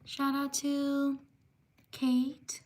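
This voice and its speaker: A woman hosting a live stream, reading out viewer names one by one with quick apologies for mispronouncing them. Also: high voice, monotone, a little mellow. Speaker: livestream host.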